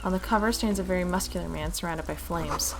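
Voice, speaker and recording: A woman's voice: fairly low pitch, fast talker, vocal fry, over music, rough recording. A woman streamer playing a game, reading its narration aloud with casual asides of her own.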